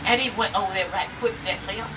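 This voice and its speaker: Lively storyteller woman outdoors. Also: mid-range voice, fast. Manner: lively, talking straight to listeners. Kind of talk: folk tale told to a live audience. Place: outdoor town square festival. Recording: outdoor, mic far off, faint noise.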